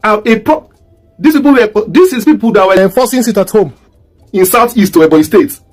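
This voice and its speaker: Soft music plays behind this Nigerian-accented man from the country's southeast as he delivers political commentary online. His high-sitting voice moves a little fast with lively intonation, and he keeps firing off repeated rhetorical questions.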